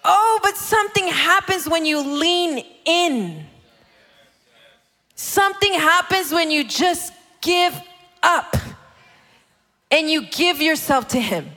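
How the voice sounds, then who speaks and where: A woman in her thirties preaches with an animated, playful delivery, slipping into the voices of the people she quotes. Her voice is high and bright. A long reverb trails each phrase, as in a large hall. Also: slow pace, pauses often. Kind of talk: sermon.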